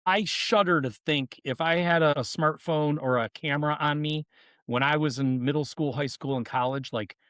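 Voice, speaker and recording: A man's voice: fairly high pitch, moderate pace, a bit bright, no echo, studio quality. A man in his fifties, a podcast guest telling stories in a casual, slangy way and laughing easily. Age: 50s. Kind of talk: casual chat.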